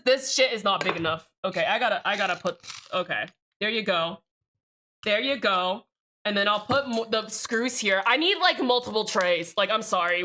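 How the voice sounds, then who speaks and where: Young woman, streamer, rambling casual chat, swears a lot, bright voice. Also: on the high side. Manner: rambling, profane, chatty.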